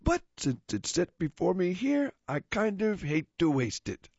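A man's voice: high-pitched, huge pitch swings, measured pace, creaky, a little mellow, breathy edge, no echo, pitched above the performer's own voice, heavily acted. A man doing a stammering bashful burro. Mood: hesitant. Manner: hesitant, stammering, rhyming. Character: bashful male burro guest on alien planet. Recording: muffled lo-fi recording.

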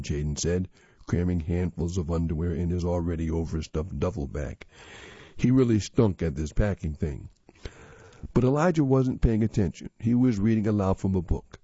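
A man narrating a children's story in a steady, expressive reading voice. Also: deep voice, normal speed, breathy edge, no echo. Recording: slightly dull lo-fi audio.

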